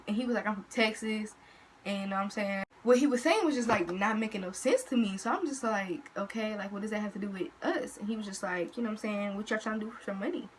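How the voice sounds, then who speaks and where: Bright-voiced teenage girl telling a story. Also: mid-range voice, slight background noise, low-quality recording. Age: teens. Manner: casual slangy storytelling, animated. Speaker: vlogger. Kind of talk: storytime vlog.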